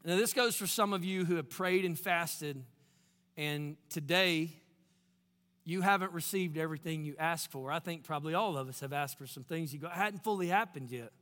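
A man preaching a sermon in a church, very animated, swinging between loud bursts and hushed lines and acting out quotes. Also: fairly high pitch, moderate pace, in a large hall. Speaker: pastor.

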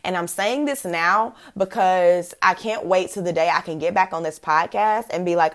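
Animated young woman podcaster, lower voice. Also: normal speed, few pauses. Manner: animated, laughing, many likes and fillers. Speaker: podcast host. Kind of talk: casual faith podcast talk.

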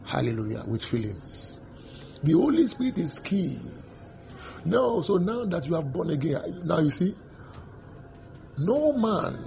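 A man preaching a sermon, repeating his phrases and breaking into sudden loud outbursts. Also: mid-range voice, a little hiss or hum.

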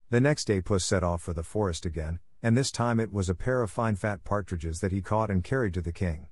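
A man's voice: low voice, brisk, few pauses, no room sound. Man reading a fairy tale aloud. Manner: steady, even storytelling. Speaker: narrator. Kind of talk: scripted audiobook narration.

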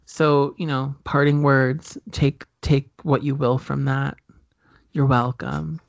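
A man's voice: mid-range voice, flat delivery, slow, creaky, lo-fi sound. A man co-hosting a podcast in casual chat, rambling with many fillers and self-corrections. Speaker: podcast co-host.

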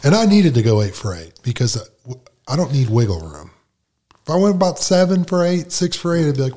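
A man's voice: mid-range voice, sing-song, a little fast, a little mellow. A man, a podcast guest, tells his story candidly in casual conversation and acts out the dialogue with animation.

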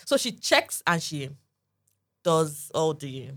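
Lively woman telling a story, lower voice. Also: takes it slowly. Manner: lively storyteller acting out quoted dialogue. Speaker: podcast co-host. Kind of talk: casual storytelling chat.

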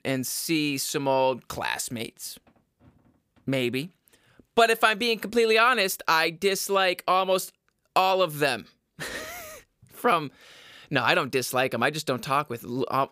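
A young man with a bright, forceful, slightly high voice rambles through a solo podcast, full of profanity and self-mocking side notes. He is recorded close on a dry mic with no room sound. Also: smooth, no echo. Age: young adult. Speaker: podcast host. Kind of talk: casual solo podcast rant.

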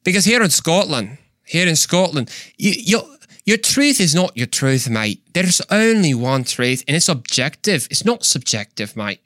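A man putting on a pushy Scottish character with a put-on accent, his voice pushed well above its normal pitch. He hammers one point home, tossing in "mate", and the sound stays dry and close. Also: sing-song, a little slow, fairly bright tone, dry recording. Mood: insistent.

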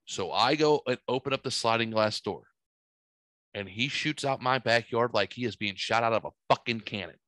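A man's voice: medium pitch, normal speed, no echo, low-quality recording. A man in his forties telling a long story in casual chat, rambling and full of swearing. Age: 40s. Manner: profane, rambling, animated storyteller.

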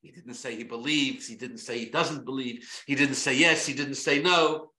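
A man, a rabbi, teaching a Torah class in an animated way, repeating himself and restarting phrases. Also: mid-range voice, moderate pace, echoey room. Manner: animated, repetitive, many restarts.

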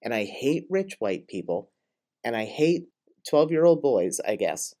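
A man's voice: medium pitch, very animated, measured pace, dark tone. A young man co-hosting a podcast, sardonic and blunt, swearing freely while recapping a movie. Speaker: podcast co-host. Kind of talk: casual movie recap chat.

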